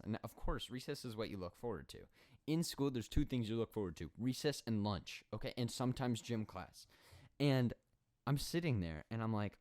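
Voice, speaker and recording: A twenty-year-old man hosting a solo podcast, telling school stories in an animated, rambling, sarcastic way. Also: mid-range voice, a little fast. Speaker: podcast host.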